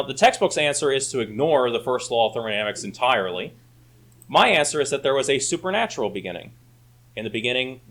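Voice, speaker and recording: A man's voice: medium pitch, a bit bright. A man teaching a church Sunday school class, arguing his points emphatically and reading passages aloud. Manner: emphatic, rising to argue points.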